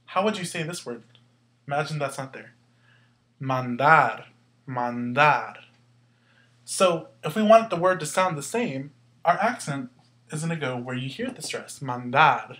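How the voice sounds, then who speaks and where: A man's voice: fairly high pitch, lively intonation, normal speed, a bit bright. A man teaching a Spanish grammar lesson, explaining patiently step by step and asking questions as he goes.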